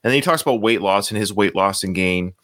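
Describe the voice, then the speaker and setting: A man's voice: lowish voice, fast, fairly bright tone, dry recording. A man hosting a movie podcast, chatting casually and teasing, laughing often. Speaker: podcast host.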